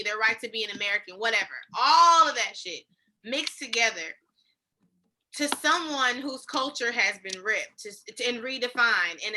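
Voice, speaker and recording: A young woman co-hosting a casual podcast, thinking aloud in a halting, reflective way. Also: fairly high pitch, sharp tone, slight background noise, rough recording. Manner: reflective, halting, searching for words. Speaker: podcast co-host.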